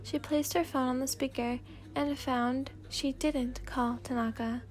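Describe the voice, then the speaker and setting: A woman narrating a fanfic story in a soft, gentle ASMR reading. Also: high voice, fairly even intonation, unhurried.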